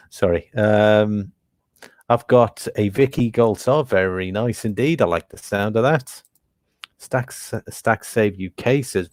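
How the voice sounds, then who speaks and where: British male livestream host, lowish voice, dry close sound, easygoing and full of fillers. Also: no room sound. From Britain. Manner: relaxed, thinks aloud with many fillers, reads out viewer comments. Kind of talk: casual livestream commentary.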